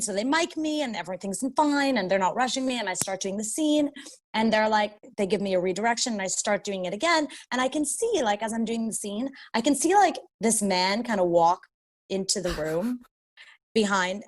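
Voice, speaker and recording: A Canadian woman in her thirties, appearing as a guest actor in a casual interview, tells a story a little fast and with animation. She acts out quotes with big jumps in pitch.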